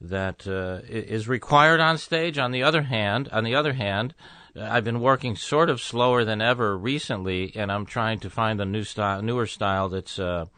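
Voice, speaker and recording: A man, a guest comedian in a casual interview chat, speaking slowly and deliberately with halting pauses and fillers. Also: fairly low pitch, sharp tone, no echo.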